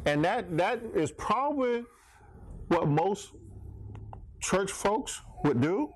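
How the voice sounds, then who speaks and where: Lively Bible class leader. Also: mid-range voice, slow, long pauses, breathy edge. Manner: animated, questioning, jokey asides. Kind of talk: interactive Bible class teaching.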